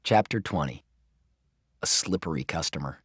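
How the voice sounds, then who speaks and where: A man reading a children's novel aloud in the first person, expressive and lively. His voice is deep and moves widely in pitch. The recording is dry and close. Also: moderate pace, breathy edge, dry recording. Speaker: audiobook reader. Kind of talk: first-person storybook narration.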